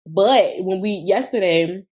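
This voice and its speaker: Speaking at a slow pace in a medium-pitched voice, this podcast co-host and cheer coach chats casually. She tells stories with animation, performs the quotes, and curses without holding back.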